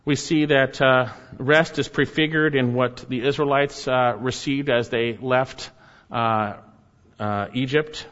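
Male pastor, mid-pitched, emphatic sermon delivery, muffled recording with long reverb. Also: fairly even intonation, slow pace, a bit bright. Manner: earnest, emphatic preaching with rising and falling intensity. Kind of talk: expository sermon.

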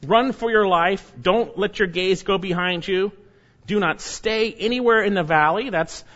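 Guy preaching, kinda high voice, pushes hard then drops real low and quiet, dull lo-fi recording. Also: measured pace. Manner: emphatic, swings between loud urging and low hushed warnings. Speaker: pastor. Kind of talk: sermon.

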